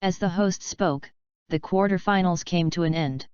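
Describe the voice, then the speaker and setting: A woman narrating a fanfiction audiobook in a steady, even storytelling read. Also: lowish voice, normal speed, smooth, dry recording. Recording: slightly dull, lo-fi dry sound.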